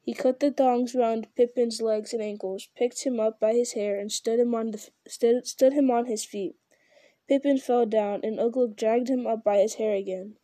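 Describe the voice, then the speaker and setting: A woman narrating a fantasy story aloud in a steady, measured reading style. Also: fairly high pitch, no room sound. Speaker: audiobook reader.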